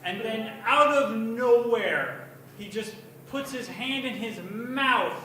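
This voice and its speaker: A man's voice: very high-pitched, slow, sharp tone, slight background noise. A young man doing crude, self-mocking open mic stand-up in a bar, telling his stories with energy. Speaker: stand-up comedian. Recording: echoey bar from far off.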